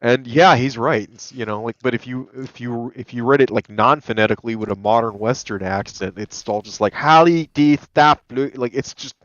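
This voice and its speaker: Brisk with few pauses, this lawyer speaks in a medium-pitched, steady, slightly bright voice while guesting in a casual chat full of rambling stories, free swearing and frequent laughter. The line is dull, lo-fi and dry, with no room sound.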